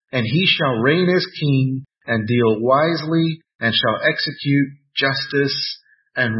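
A man preaching a sermon, reading scripture aloud and adding playful personal asides in a measured, deliberate way. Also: medium pitch, dull audio. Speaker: pastor.

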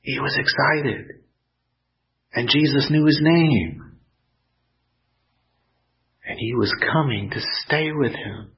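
A man preaching a sermon, earnest and pausing, lifting his voice when he quotes scripture. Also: mid-range voice. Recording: dull lo-fi sound.

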